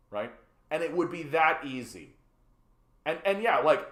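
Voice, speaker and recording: Brief: a man hosting a livestream, profane and heated, slightly high voice, roomy echo. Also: big pitch swings, slow pace, pauses often, fairly bright tone. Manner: profane, heated, many repeated words and fillers. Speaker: political livestream host. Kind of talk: ranting live-stream commentary.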